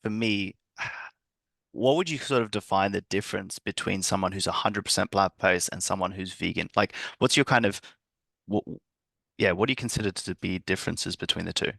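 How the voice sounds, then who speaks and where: A man's voice: low-pitched, normal speed, vocal fry, fairly bright tone, no echo. A man hosting a podcast, asking questions in a loose, hesitant way with fillers and restarts. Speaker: podcast host. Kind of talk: casual podcast conversation.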